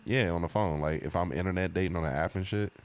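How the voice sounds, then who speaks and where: A man's voice: sits low, fast, smooth. A young man co-hosting a podcast, bantering in loose, profane slang and dropping into put-on voices. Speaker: podcast co-host. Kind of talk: casual comedic chat.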